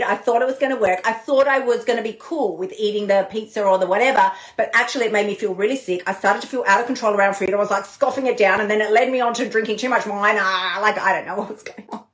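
A woman hosting a live motivational talk as a diet coach, animated and playful, swearing casually. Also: mid-range voice, fast, few pauses, reverberant. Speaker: podcast host and diet coach.

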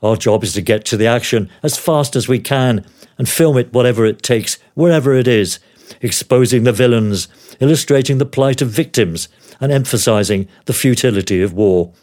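An older man from Australia reads his memoir as a relaxed narration, voice sitting at an ordinary middle pitch. His delivery is wry and dryly funny, a former news producer looking back on his career. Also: normal speed. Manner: wry, dryly humorous storytelling. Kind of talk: memoir read aloud as narration.

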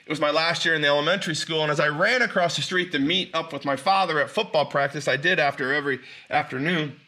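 A man's voice: fairly high pitch, quick pace, sharp tone. A man telling stories in an inspirational speech, emphatic and drawing out key phrases, with frequent restarts. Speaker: motivational speaker.

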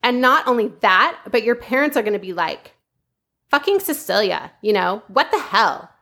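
A woman's voice: on the high side, sing-song, normal speed, vocal fry, bright, forceful tone, full character voice. A woman voicing a young Valley Girl, reading out a tense recorded conversation in a put-on accent. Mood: pleading. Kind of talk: reading a transcript aloud in a put-on voice.

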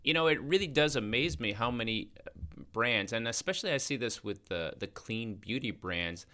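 Bright-voiced man explaining cosmetic chemistry. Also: on the low side. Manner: explanatory, thinking aloud with restarts. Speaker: podcast co-host, cosmetic chemist. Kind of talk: casual science podcast chat.

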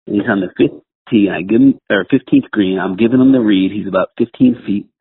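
A man, a caddie, telling a story in a voice message, with animated, excited delivery over a phone line. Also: on the low side, fairly quick, breathy edge. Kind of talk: voice-message anecdote. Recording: tinny phone-line recording.

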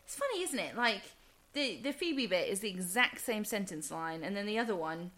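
A woman's voice: medium pitch, expressive, normal speed, a bit bright. A woman with a Southern English accent co-hosting a podcast in chatty, casual talk. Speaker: podcast co-host. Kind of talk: casual chat.

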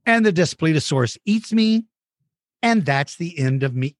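A man's voice: on the high side, lively intonation, normal speed. A man hosting a playful chat with a child about dinosaur battles, goofy and teasing with mock outrage. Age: adult. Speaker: host interviewing a child.

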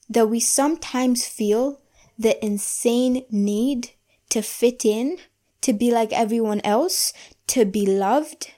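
A young woman talks through a solo podcast episode in an earnest, reflective voice. Her tone is mellow and a touch high, and she slows down to lean on the phrases that matter to her. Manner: earnest and reflective, slowing down to stress key phrases. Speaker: podcast host. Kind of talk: casual solo podcast monologue.

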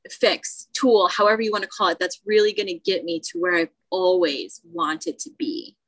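A woman co-hosts a podcast in relaxed conversation, telling her story with lively momentum. She often backtracks and restarts her sentences. Her voice sits fairly low but rings with a bright, forceful edge. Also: low-quality recording. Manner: animated storytelling with many restarts. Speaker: podcast co-host. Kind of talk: casual chat.

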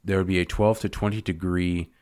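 Deep-voiced American podcast host, rambling delivery. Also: male voice, little pitch movement, brisk, darkish tone, clean tone, no echo, clean studio sound. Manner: rambling, reads facts with fillers. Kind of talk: casual podcast chat.

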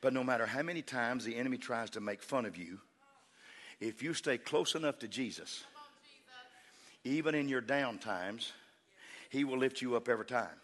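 A pastor preaching a sermon in a church, with a rhythmic, repetitive cadence and call-outs to the congregation. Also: male voice, mid-range voice, normal speed, long pauses, a bit bright. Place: church sanctuary. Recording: long hall reverb with instrumental music. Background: instrument playing under the sermon.

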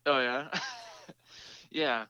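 A man in a relaxed interview chat, rambling with plenty of ums and quick laughs. His voice is bright and forceful. The recording is dry and a bit dull, lo-fi. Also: mid-range voice, clear, resonant tone, no room sound. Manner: chatty, laughs often, many fillers and restarts. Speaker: band lead singer, guest.

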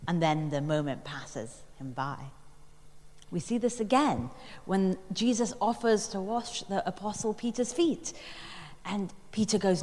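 A woman preaching a sermon at an average pitch, her words trailing off into a long hall reverb. She tells the story thoughtfully, pausing and using small fillers as she goes. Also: expressive, a little mellow. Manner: reflective storytelling with pauses and fillers.

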